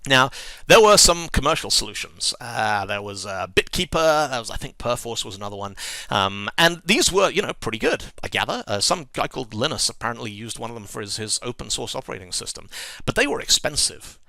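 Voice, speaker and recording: A man delivers a talk with wry, lively storytelling. His voice is bright and gravelly, and his pitch swings widely. The sound is dry and close. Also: brisk, no room sound. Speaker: conference speaker. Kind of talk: presentation talk.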